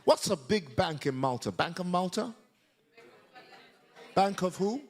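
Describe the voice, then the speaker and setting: Animated high-pitched male preacher. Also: unhurried. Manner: animated, shouting and call-and-response with congregation. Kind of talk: sermon. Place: church hall with congregation.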